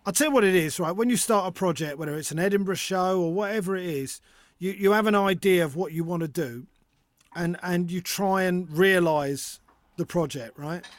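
High-voiced man, lively storyteller. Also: moderate pace, dry recording, studio quality. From North London, England. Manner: animated storyteller, acts out voices. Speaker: guest author and comedian. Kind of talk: casual chat.

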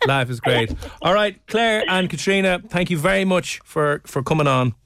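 A man's voice: high voice, lively intonation, moderate pace, a bit bright. Teasing male radio host. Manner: teasing, jokey. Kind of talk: casual radio chat with callers.

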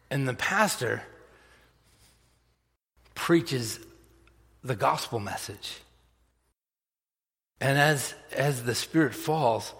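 A man's voice: medium pitch, creaky, a bit bright, in a large hall. A man preaching a sermon, telling a story unhurriedly with chuckles and many fillers. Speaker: pastor. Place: church sanctuary.

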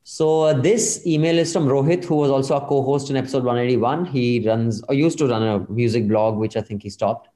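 A man's voice: mid-range voice, brisk, hardly any pauses, dark tone, echoey room. A man hosting a podcast in casual chat, reading listener emails aloud and adding his own asides. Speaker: podcast host.

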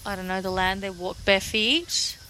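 Young woman co-host, bright voice, chatty and relaxed, lots of likes. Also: medium pitch, normal speed, a little hiss or hum, rough recording. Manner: easygoing, filler-heavy, laughs often. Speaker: podcast co-host. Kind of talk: casual chat.

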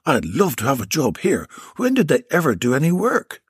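A mild, sheepish man, obedient and a bit hapless, read by the male narrator in near his own voice. The tone is husky and breathy, close and dry. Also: a little high, huge pitch swings, moderate pace, no echo, exaggerated voice. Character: bumbling, obedient middle-aged Englishman.

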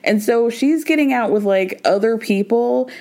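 A woman's voice: fairly high pitch, moderate pace, mellow. A woman hosting a podcast, recapping a reality show in casual, gossipy chat and slipping into quoted voices. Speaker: podcast host.

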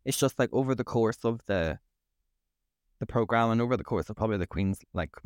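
A man's voice: fairly low pitch, a little fast, dry recording, clean studio sound. A man, co-hosting a podcast and ranting in casual, sweary chat. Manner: sweary, ranting, animated storytelling. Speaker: podcast co-host.

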